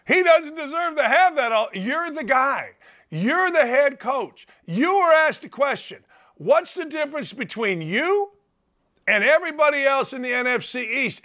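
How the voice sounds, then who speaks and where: A male sports talk host with a high, bright voice. He rants loudly and emphatically, his pitch jumping all over as he builds his case. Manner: loud, ranting and emphatic. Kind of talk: opinionated sports talk monologue.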